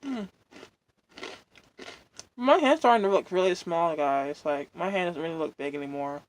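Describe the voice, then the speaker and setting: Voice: medium pitch, expressive. A vlogger, chatting casually while eating at home, venting in a rambling way full of fillers. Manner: rambling, drawn-out, many fillers. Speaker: mukbang vlogger.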